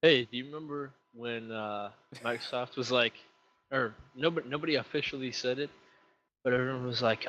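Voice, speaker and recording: A man's voice: mid-range voice, brisk, fairly bright tone, dull audio, a little hiss or hum. A young man co-hosting a casual podcast chat, throwing in wry, teasing remarks. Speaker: podcast co-host.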